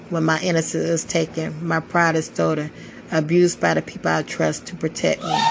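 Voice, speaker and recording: Low, flat-voiced young woman reciting poetry. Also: creaky, slight background noise, poor audio. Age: 20s. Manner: slow and solemn, measured pauses. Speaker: poetry podcaster. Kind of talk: spoken-word poetry reading.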